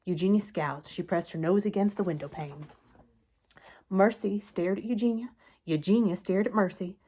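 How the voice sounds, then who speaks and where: A woman telling a children's story aloud in a clear, expressive way. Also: medium pitch, moderate pace. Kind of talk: children's book read-aloud.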